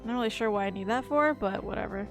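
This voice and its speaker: A young woman streamer chats casually while playing a game, her mid-range voice moving at a quick pace over faint background music. She rambles and swears whenever she gets stuck, in relaxed live-stream commentary.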